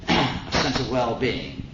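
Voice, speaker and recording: A man's voice: mid-range voice, drawn-out words. A middle-aged man giving a folksy, earnest talk at a recovery meeting, on an old recording. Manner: folksy, earnest storytelling with slang. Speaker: AA speaker sharing his story. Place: meeting hall. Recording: old 1950s tape, roomy and muffled with hiss.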